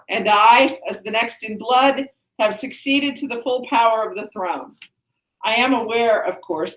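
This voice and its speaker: A woman's voice: on the high side, close to an everyday voice. A woman reading as proud king Creon. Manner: formal, declaiming read-aloud. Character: proud, stern new male king addressing elders. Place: classroom. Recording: echoey classroom.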